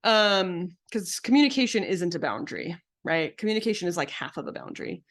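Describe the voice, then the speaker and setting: A woman's voice: expressive, fairly quick. A woman psychotherapist teaching a live online session in a casual, explanatory way, with many fillers and restarts. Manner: acts out quoted lines with sudden high pitch. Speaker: psychotherapist and betrayal coach.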